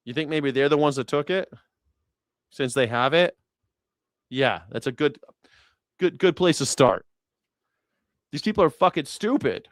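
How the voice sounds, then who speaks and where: A man's voice: a little high, expressive, a little slow, long pauses, dry recording, studio quality. A man hosting a news reaction show, ranting about politics in a crude, sarcastic, mocking way with lots of swearing. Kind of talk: profane political commentary rant.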